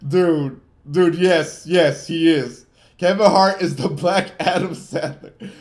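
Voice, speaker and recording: High-voiced young man on a profane rant. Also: slow. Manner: ranting, profane, swings from yelling to muttering. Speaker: livestream host. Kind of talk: unscripted livestream rant.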